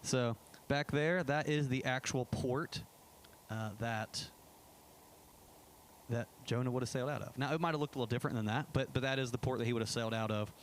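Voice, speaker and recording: A man's voice: medium pitch, brisk, a little hiss or hum. Chatty man giving a church slideshow talk. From United States. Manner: chatty, enthusiastic, many fillers and restarts. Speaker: pastor. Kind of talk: casual church presentation. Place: church sanctuary.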